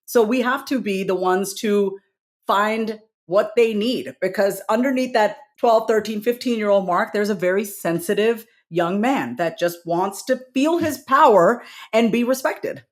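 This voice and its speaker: A woman guesting on a podcast, speaking candidly and self-reflectively, quick to laugh, in casual conversation. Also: medium pitch.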